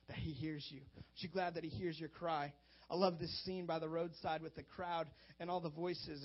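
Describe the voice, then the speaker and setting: High voiced guy preaching a sermon, animated, goes quiet then loud, dull lo-fi sound. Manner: animated, swings from hushed to loud. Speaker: pastor. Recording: dull lo-fi recording.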